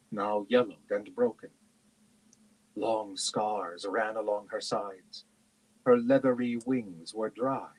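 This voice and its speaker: A man reading a fantasy novel aloud in a steady, measured way on a livestream. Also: fairly low pitch, poor audio. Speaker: reader.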